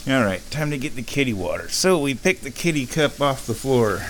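A man's voice: medium pitch, very animated, a little fast, slight background noise. A man casually narrating a home vlog from his kitchen, rambling and self-amused, often chuckling as he talks. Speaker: vlogger.

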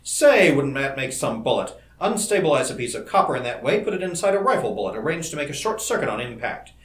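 Eager young male inventor, man reading the part, animated delivery, echoey room. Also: medium pitch, natural voice. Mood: excited. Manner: eager, rapid enthusiasm. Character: bright, excitable young male scientist. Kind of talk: audiobook character reading. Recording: roomy echo.

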